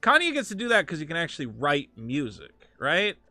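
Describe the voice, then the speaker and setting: A man's voice: fairly high pitch, wildly swooping pitch, a little fast, sharp tone, no room sound. A man hosting a live game stream, ranting with profane, sarcastic commentary from his home setup. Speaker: streamer host.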